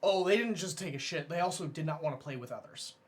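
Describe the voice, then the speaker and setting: A man's voice: on the high side, fast talker. A man on a live stream chatting casually while playing a card game, walking the others through card rules at length. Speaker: stream co-host and card player. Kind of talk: casual gaming chat.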